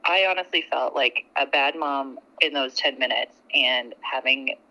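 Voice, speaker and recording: A woman in her thirties on a phone call, telling a personal story in an animated way and laughing now and then. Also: extremely low pitch, unhurried. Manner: animated and laughing as she tells it. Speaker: customer guest.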